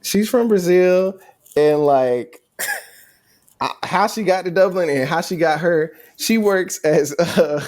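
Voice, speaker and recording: Rambling, animated young man telling stories. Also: high voice, slow. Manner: animated storyteller, rambling with many restarts and fillers. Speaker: co-host. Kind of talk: casual travel recap chat.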